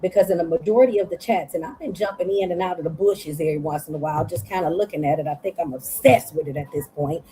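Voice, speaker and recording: A woman's voice: lowish voice, fast, hardly any pauses, dark tone, slight background noise, poor audio. A tired woman speaking earnestly on an online panel call, rambling and repeating herself as she makes her points. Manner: earnest, rambling, repeats "you know what I'm saying". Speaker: panel guest. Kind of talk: casual live panel discussion. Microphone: online call audio.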